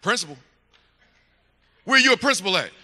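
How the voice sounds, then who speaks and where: A man's voice: high voice, very animated, fairly quick, bright, forceful tone, exaggerated voice. A man playing a skeptical male school superintendent during a sermon, questioning in a blunt manner, heard in an echoey hall.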